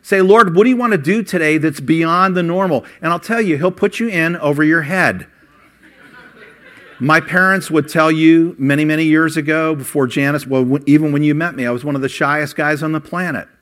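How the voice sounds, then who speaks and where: An older man preaching a sermon, voice rising for emphasis and dropping low while he tells personal stories. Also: normal speed, a bit bright. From Ohio. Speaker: pastor.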